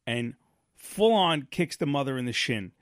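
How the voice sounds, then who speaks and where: A man co-hosting a podcast, telling stories in casual chat, rambling and animated with lots of restarts. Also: mid-range voice, a little slow, no echo, clean studio sound. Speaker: podcast co-host.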